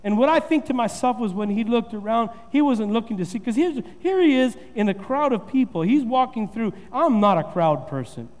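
A man's voice: very high voice, expressive, moderate pace, hardly any pauses, a little mellow, in a large hall. A man preaching a sermon as pastor, repeating and building his points with rising emphasis.

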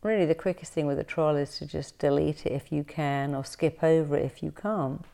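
A woman's voice: deep voice, brisk, vocal fry. A woman therapist chatting in an interview, telling stories animatedly and acting out what people said. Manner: animated storytelling, acts out quoted voices. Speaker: therapist guest. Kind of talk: casual interview chat.

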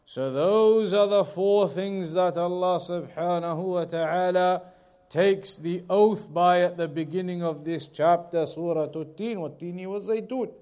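Man, religious teacher, high-pitched, measured lesson delivery with emphatic repetition. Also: steady tone, darkish tone, clear, resonant tone. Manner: measured, repeats phrases for emphasis. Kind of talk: explaining scripture verse by verse.

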